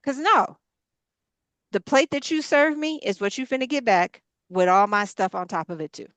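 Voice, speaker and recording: A woman's voice: medium pitch, moderate pace, fairly bright tone, no echo. A woman who coaches women gives a motivational talk in a preaching style, emphatic and blunt. She stacks her points in punchy repetitions, and her voice sounds close and dry. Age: adult mother of grown girls. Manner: emphatic and repetitive, building in punchy parallel lines. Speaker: ministry leader and women's coach.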